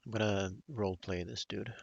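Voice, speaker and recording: A man's voice: fairly low pitch, steady tone, normal speed, creaky, breathy edge, no echo, lo-fi sound. A man casually narrating a live game stream, rambling and poking fun at himself. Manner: rambling, self-deprecating.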